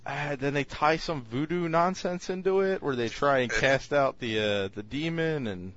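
A man's voice: on the high side, moderate pace, fairly bright tone, highs cut off. A man co-hosting a casual podcast chat, reviewing films in a rambling way with many fillers and restarts.

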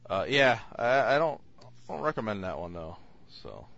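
Low-voiced man rambling with fillers. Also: big pitch swings, normal speed, creaky, a bit bright, dry recording, dull audio. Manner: rambling, hesitant with many fillers. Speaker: podcast co-host reviewing films. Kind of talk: casual chat.

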